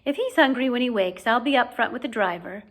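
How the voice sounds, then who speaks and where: A woman's voice: fairly high pitch, animated, fast talker, a bit bright. A woman voicing a plump, kindly witch who pushes a food cart on a train.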